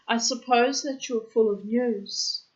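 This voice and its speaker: A composed young society woman speaks in a light, gracious voice, as a woman reading a storybook puts her on. She talks slowly and unhurriedly. The recording sounds slightly muffled. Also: a little high, steady tone, voice pushed up. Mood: cool, polite.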